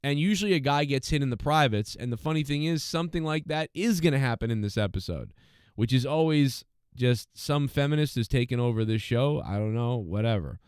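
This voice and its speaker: A man's voice: mid-range voice, expressive, a little fast, darkish tone, clean tone, no room sound, studio quality. A man reviewing a TV episode in a casual, ranting monologue, exasperated and mocking as he paraphrases the characters. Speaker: show reviewer.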